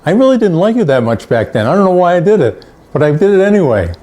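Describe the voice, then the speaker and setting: A man's voice: high-pitched, sing-song, fast talker, warm tone, voice pushed up. A man putting on a wry older male sportscaster who teases him dryly. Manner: dry, teasing.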